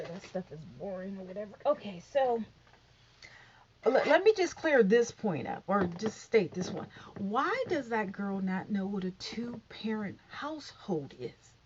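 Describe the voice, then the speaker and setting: A woman's voice: mid-range voice, slightly rough. A woman vlogger giving a sassy, repetitive commentary rant about an interview she watched, calling the viewer honey and girl. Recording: muffled lo-fi sound.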